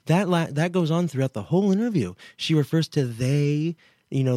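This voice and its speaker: A man's voice: fairly high pitch, expressive, moderate pace, warm tone, no echo. Chatty incredulous man, dry sound. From Kansas, US. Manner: chatty, incredulous, frequent asides. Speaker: show host. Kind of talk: casual commentary.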